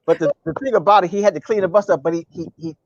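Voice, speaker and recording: A man's voice: sits high, very fast, dry recording, lo-fi sound. A man, a comedian guest, telling a funny road story in casual chat and acting out the people in it. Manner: animated, mimics voices and groans.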